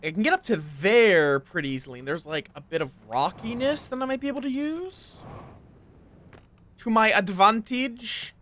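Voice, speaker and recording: A playful male game streamer rambles on, greeting his chat as he plays. His voice sits high and swoops up and down with a lively, animated range. The tone is bright and a little sharp. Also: moderate pace, hardly any pauses, slight background noise. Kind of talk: casual live-stream chatter.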